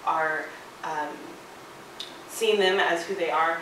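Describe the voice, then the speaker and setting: A woman's voice: deep voice, fairly even intonation, slow pace, noisy background. A young woman giving a casual class presentation, with frequent hesitations. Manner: informal, frequent "um" and "uh". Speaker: student presenter. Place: lecture room. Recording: echoey lecture hall, distant mic.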